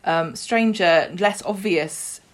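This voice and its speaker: A woman's voice: lowish voice, takes it slowly. A woman co-hosting a podcast, animatedly retelling soap scenes and mimicking the characters, laughing often. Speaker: podcast co-host. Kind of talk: casual chat recapping a soap.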